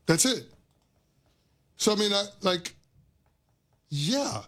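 A male sports radio host making his case in a studio, his voice sitting a little high for a man. He argues with animated energy, stumbling and restarting words as he pushes his point. The delivery is conversational studio debate. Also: slow. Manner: animated argument with stammered restarts.

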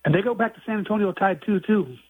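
A man from Michigan calling into a sports radio show, ranting excitedly and stumbling over repeated words. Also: high voice, quick pace, breathy edge, dry recording, poor audio. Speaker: caller. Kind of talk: ranting call-in.

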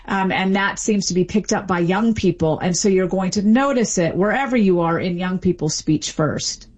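A woman, calmly explaining speech patterns as an interview guest. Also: medium pitch. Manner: measured, explanatory, occasional hedging fillers. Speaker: dialect expert guest.

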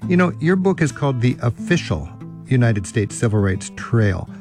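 A man's voice: mid-range voice, sing-song, normal speed, music in the background. A man hosting a radio travel show, interviewing a guest in an eager, conversational way. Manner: enthusiastic, conversational questioning.

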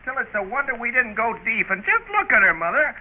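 A man's voice: very high voice, big pitch swings, brisk. An actor playing a pompous, outraged teenage boy in a 1940s-style radio play. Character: indignant self-important teenage boy. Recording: tinny old radio recording with faint hiss.

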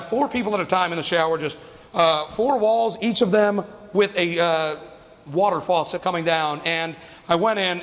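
A man's voice: high voice, fairly bright tone, big-room sound. A man from New Mexico doing stand-up, telling a story with profanity and self-mockery and acting out the other people in it. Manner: profane, self-mocking, acts out voices. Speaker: stand-up comedian.

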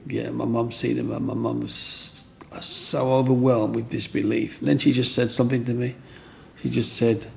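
An older Englishman tells his story with a gravelly, creaky edge. He rambles, restarts and keeps checking that he's understood. Faint noise sits behind him. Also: mid-range voice, little pitch movement, moderate pace, few pauses. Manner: rambling, with restarts and "you know what I mean". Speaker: interviewee.

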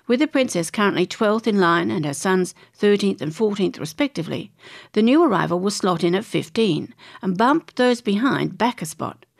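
A woman's voice: medium pitch, creaky. An Australian woman reading entertainment news articles aloud, chatting and adding her own opinions between passages. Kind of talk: reading magazine articles aloud with casual asides.

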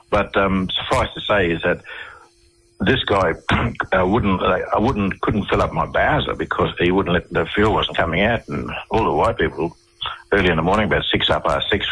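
A man's voice: low-pitched, sharp tone, breathy edge, poor audio. A middle-aged Australian man, a radio interview guest, telling stories in a rambling way full of restarts and fillers.

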